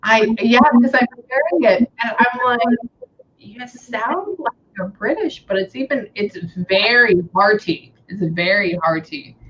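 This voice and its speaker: A woman's voice: on the high side, animated, a little slow, a bit bright, dull audio. A woman working as a psychic medium, chatting casually and saying "hang on" often while she passes on messages. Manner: chatty, repeats "hang on", relays quotes. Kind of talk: casual reading session.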